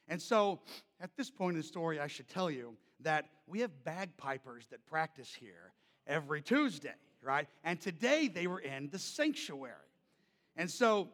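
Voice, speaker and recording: Animated man preaching with a lively voice. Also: high voice, gravelly, big-room sound. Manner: loud, animated storyteller who drops to soft tones. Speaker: pastor. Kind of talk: sermon storytelling.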